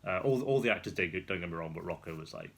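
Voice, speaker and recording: Casually vlogging from a rolling chair indoors, a young man tells a rambling story, chatty and laughing often. He's an expressive, fast talker with a deep, slightly rough voice, vocal fry, and a bit of brightness.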